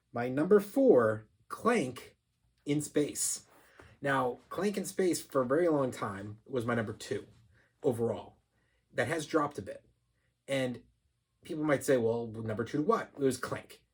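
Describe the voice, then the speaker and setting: A man's voice: medium pitch, a little mellow, a little hiss or hum. A man reviewing board games in a casual top-ten countdown, chatty and emphatic, often restarting his sentences.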